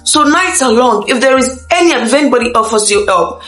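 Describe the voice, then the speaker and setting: Give me an earnest young woman, talking in a roomy space with soft music behind. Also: fairly high pitch, lively intonation, fairly quick. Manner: earnest, rambling, self-correcting. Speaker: vlogger. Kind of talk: candid personal vlog advice. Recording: echoey room with faint music.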